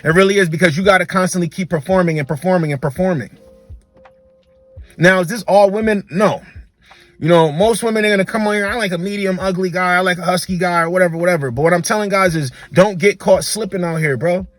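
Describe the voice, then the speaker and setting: A man's voice: high voice, quick pace, no echo, faint music behind. A man giving blunt, slangy reaction commentary on dating as a coach, repeating words for emphasis.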